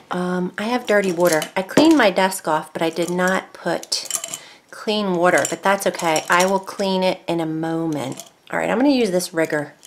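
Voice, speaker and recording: At her home craft desk, a woman with a fairly low voice gives a casual painting tutorial, chatting and rambling, then dropping to a soft mutter as she concentrates. There's a little hiss or hum.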